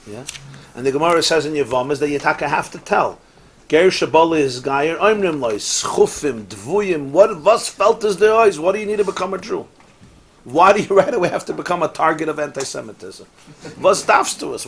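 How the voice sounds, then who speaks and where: A man, a rabbi, teaching a Torah class in a lively, sing-song lecture style, mixing in Hebrew and Yiddish phrases, asking rhetorical questions and cracking jokes. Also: on the high side, vocal fry, slight background noise. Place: synagogue study hall, live class.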